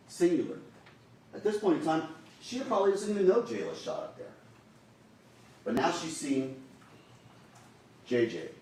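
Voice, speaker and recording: A man's voice: a little high, very animated, moderate pace, long pauses, warm tone. A man giving a prosecutor's closing argument to a jury, pressing and repeating his points. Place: courtroom. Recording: echoey courtroom, voice from far off.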